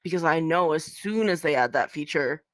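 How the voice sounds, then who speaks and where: A woman speaking as a podcast guest in casual conversation, hesitant with many pauses and ums. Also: sits low, lively intonation, fairly bright tone, dry recording, studio quality.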